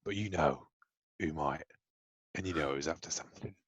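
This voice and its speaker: Man playing a stern vigilante tough, very low voice, clipped threats, dry sound. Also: moderate pace, breathy edge, dry recording, dull audio. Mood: cold.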